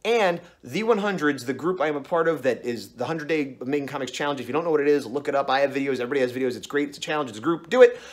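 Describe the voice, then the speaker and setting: A man's voice: medium pitch, racing, hardly any pauses. A man casually telling a long story on his vlog, rambling and acting out the other voices in it. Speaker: comic artist vlogger.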